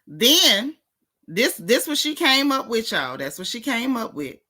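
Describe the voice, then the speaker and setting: Sassy bright-voiced woman gossip host. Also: fairly high pitch, very animated, measured pace. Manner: sassy, teasing, talks straight to viewers; slangy casual speech. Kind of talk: casual celebrity gossip commentary.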